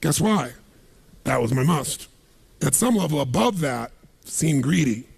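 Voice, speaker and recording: A man with a raspy voice giving a punchy, emphatic seminar speech to a live audience and firing questions at them. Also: fairly high pitch, expressive, unhurried, darkish tone. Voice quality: raspy, gravelly. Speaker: motivational speaker.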